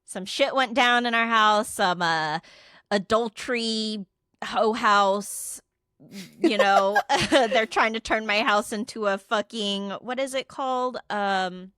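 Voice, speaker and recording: Bright-voiced woman telling a story. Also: fairly high pitch, slow, smooth, dry recording, clean studio sound. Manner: profane, animated retelling with quoted dialogue. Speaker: podcast co-host. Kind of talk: casual storytelling chat.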